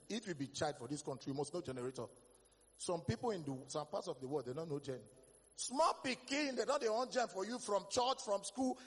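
A Nigerian man with a Nigerian accent doing a stand-up comedy set, telling stories in Pidgin-flavored English with sudden bursts of shouting. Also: high-pitched, slightly rough, long reverb tail.

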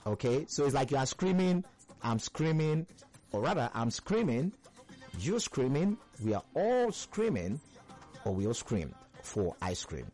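A young man hosting a call-in radio show, energetic and slangy, hyping up callers. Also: medium pitch, unhurried, soft background music. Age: young adult.

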